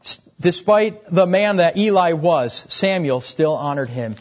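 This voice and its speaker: Earnest young preacher, dull lo-fi sound. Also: male voice, on the high side, animated, a little slow. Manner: earnest, repeats key phrases, voice drops at ends of points. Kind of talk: sermon. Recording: dull, lo-fi recording.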